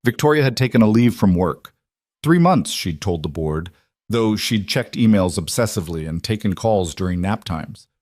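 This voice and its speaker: A man reading a drama story aloud in a steady, even narration. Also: fairly low pitch, moderate pace, dry recording, studio quality.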